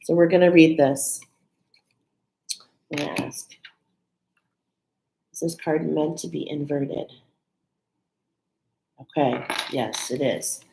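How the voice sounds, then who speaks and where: Low-voiced chatty woman reading cards. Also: slow, gravelly, pauses often, slight background noise, rough recording. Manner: warm, chatty, with fillers like "okay?" and "right?"; emotional, laughing and near tears at times. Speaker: spiritual card reader. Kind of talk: casual live card reading.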